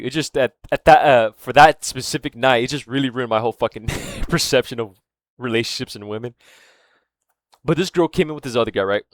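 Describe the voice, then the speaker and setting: A man rambles through a personal story, swearing freely and often losing track of what he was saying. His voice sits at an ordinary middle pitch. The recording is dry, with almost no room sound. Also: no room sound. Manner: rambling, profane, keeps losing his thread; filler-heavy, with frequent "right?" and "man". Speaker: vlogger. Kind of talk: casual rambling monologue.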